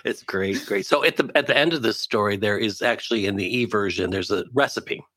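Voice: medium pitch, a little fast, a bit bright, no room sound. Upbeat podcast host, dry sound. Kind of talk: casual interview chat.

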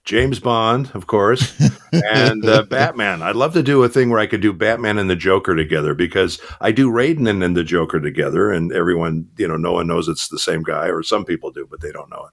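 Chatty man with a low voice. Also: fairly quick, gravelly. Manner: chatty storyteller with many fillers and restarts. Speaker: voice actor guest. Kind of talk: casual interview talk.

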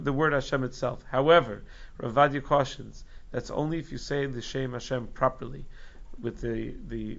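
A man teaching a casual Torah lesson as a rabbi, with frequent halting restarts and fillers. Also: mid-range voice, highs cut off. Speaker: rabbi teaching Jewish law.

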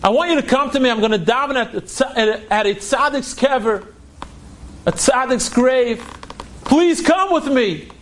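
A man's voice: very high voice, expressive, normal speed, slight background noise. A man voicing a devout father who earnestly pleads with his son to come pray with him. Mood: pleading.

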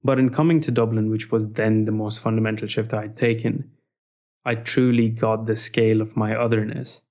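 Animated young man telling stories. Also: fairly low pitch, moderate pace. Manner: animated, humorous, frequent "like" fillers. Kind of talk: casual storytelling conversation.

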